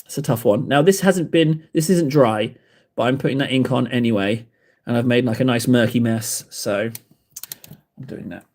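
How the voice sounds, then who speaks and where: A man's voice: mid-range voice, normal speed, darkish tone. A man hosting a livestream, chatting while painting miniatures, self-mocking and rambling, a little out of breath. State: slightly out of breath. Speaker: livestream host. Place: hobby desk indoors.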